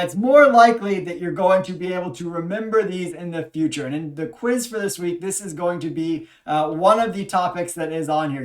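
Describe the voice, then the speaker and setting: A language instructor giving a recorded lecture, patiently explaining and leading repeat-after-me drills with frequent pauses and fillers. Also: mid-range voice, far from the mic.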